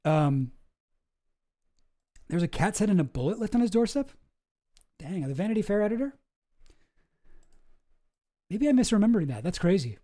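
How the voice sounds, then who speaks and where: A man's voice: high voice, very animated, moderate pace, long pauses, mellow. A man hosting a casual online show, thinking aloud in a hesitant, musing way as he reads through documents. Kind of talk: casual commentary while reading documents.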